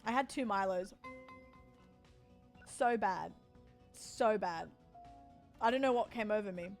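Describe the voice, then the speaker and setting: A woman's voice: mid-range voice, takes it slowly, soft background music. An Australian woman in her forties, streaming and chatting casually with her viewers, teasing and joking as she answers chat. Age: 40s.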